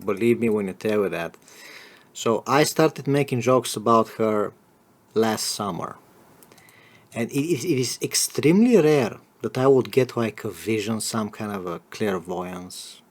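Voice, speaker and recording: A man's voice: fairly low pitch, measured pace. A man in casual podcast chat, rambling and crude, laughing often. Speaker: podcast host.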